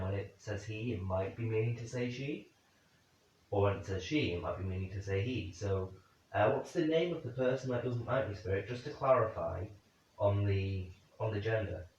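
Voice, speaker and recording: A fairly low-voiced man works through his theories out loud and asks questions into an empty room, pausing to reason and second-guess himself. He sits some way from the mic, and the room rings with heavy echo. The sound is dull and lo-fi. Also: slight background noise. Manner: speculative, questioning, addresses spirits directly. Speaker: paranormal investigator. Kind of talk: thinking aloud during a night vigil. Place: indoor room at night. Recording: very echoey, distant, dull lo-fi sound.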